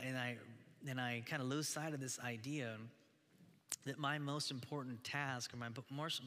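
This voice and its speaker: A man's voice: mid-range voice, pushed and bright. A man in his thirties, a pastor giving a conversational sermon, earnest and full of restarts and rhetorical questions. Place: church hall. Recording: long hall reverb.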